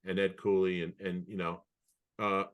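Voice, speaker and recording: A man co-hosting a podcast over a video call, telling anecdotes in an animated way with many restarts. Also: low-pitched, moderate pace. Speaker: podcast co-host. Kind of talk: casual storytelling chat.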